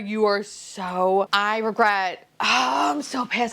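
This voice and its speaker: A woman's voice: mid-range voice, a little slow, creaky, a bit bright, soft background music. A young woman chatting casually as she unboxes collectible toys, gushing, swearing freely and breaking into delighted squeals. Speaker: unboxing vlogger.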